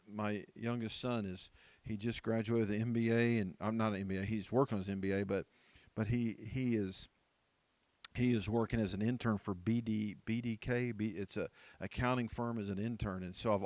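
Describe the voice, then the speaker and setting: Speaking in a church to its leadership team, a man in his fifties preaches a funny sermon, doing voices and repeating lines for effect. He pitches a bit low, sounds slightly mellow, and talks at normal speed with fairly even intonation; there's no echo.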